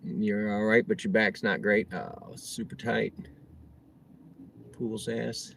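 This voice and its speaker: Rideshare driver streaming from his car, casual and chatty, reads chat aloud; lowish voice, clear car noise behind. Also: steady tone, slow pace, fairly bright tone. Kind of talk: casual livestream chat while driving.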